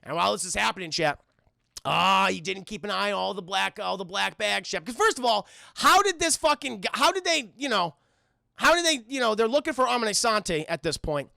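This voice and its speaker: A man's voice: sits high, a little fast, creaky, no room sound, clean studio sound. A young man streaming a rambling, profane film recap, constantly addressing his live chat. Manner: rambling, excitable, curses, keeps addressing chat. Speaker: streamer reviewing films.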